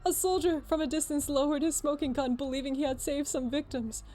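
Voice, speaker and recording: A woman's voice: high-pitched, a little fast. A young woman streaming a let's play, reading a visual novel aloud and reacting expressively with frequent swearing. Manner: expressive, swears often, shrieks when startled.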